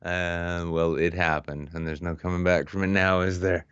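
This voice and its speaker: A man's voice: low-pitched, little pitch movement, normal speed, a bit bright, clean tone, no room sound, dull audio. A man co-hosting a podcast in casual chat, joking and laughing often with rambling restarts. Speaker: podcast co-host.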